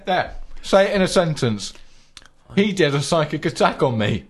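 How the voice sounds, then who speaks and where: A man's voice: on the high side, sing-song, measured pace, slightly rough. A man co-hosting a comic podcast, playful and mock-grandiose, muttering asides. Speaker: podcast co-host. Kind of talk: comic banter.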